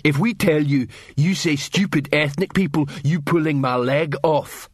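A man voicing a big, slow-witted male troll watchman who talks in broken grammar. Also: fairly high pitch, dry recording, studio quality, pitched above the performer's own voice, natural voice. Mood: grumbling.

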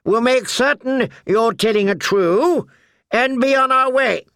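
A man's voice: very high-pitched, a little slow, fairly bright tone, clear, resonant tone, no echo, studio quality, voice pushed up, full character voice. A man voicing a languid, arrogant male knight who gives orders in a bored, lofty way. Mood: haughty.

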